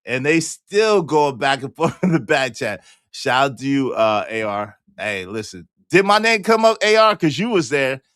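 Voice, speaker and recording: A man hosting a casual livestream, his voice a little higher than most. He repeats his joking denials over and over, swinging from loud high exclamations down to low mutters. The sound is close and dry. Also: no room sound. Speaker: livestream host. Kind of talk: casual livestream chat reading comments.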